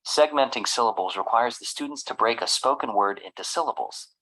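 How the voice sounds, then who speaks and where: A narrator reading a formal scripted explanation in an even tone. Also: medium pitch, fairly quick, poor audio.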